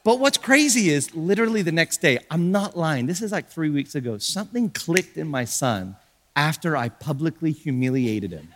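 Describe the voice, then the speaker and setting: A man in his thirties preaches from a church stage with a bright, ringing voice that carries a long reverb through the hall. He tells his story with animated energy and leaps into high shouts when he quotes people. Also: normal speed. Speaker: pastor. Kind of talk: sermon.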